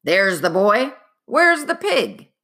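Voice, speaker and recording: Woman voicing a gruff ship's cook, blunt and folksy, suspicious, storybook. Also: on the low side, expressive, measured pace, fairly bright tone. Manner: blunt, plain folksy speech.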